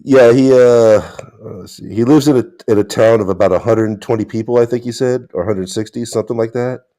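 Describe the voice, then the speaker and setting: Brief: male podcast co-host, mid-pitched mellow voice, laid-back chuckling chat. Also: brisk. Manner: chuckling, easygoing commentary.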